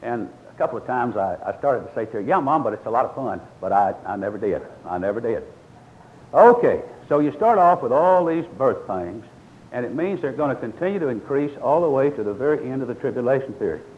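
A man's voice: medium pitch, expressive, a little fast, phone-quality sound, slight background noise. An older man preaching a sermon, explaining scripture in a folksy, storytelling way and reading verses aloud.

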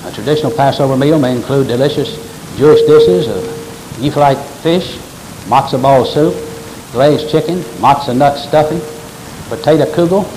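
A man's voice: mid-range voice, moderate pace, background noise. A man preaching a sermon, explaining scripture with emphatic stress and quoting verses aloud.

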